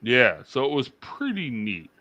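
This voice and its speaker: A man's voice: medium pitch, sing-song, a little slow, pushed and bright, dry recording. A middle-aged man chatting casually as a livestream guest, rambling with lots of fillers and restarts.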